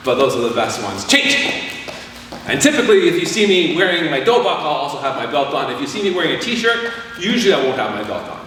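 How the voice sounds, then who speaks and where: A man martial arts instructor leading a class warm-up, calling out counts and commands. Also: fairly high pitch, slight background noise. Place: training hall. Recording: echoey hall from far off.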